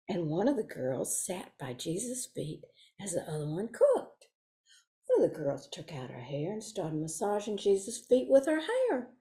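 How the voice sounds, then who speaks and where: A woman's voice: medium pitch, warm tone. A woman playing a prim, fussy Sunday school teacher. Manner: lilting, prim, stagey digressions. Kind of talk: comic monologue performance.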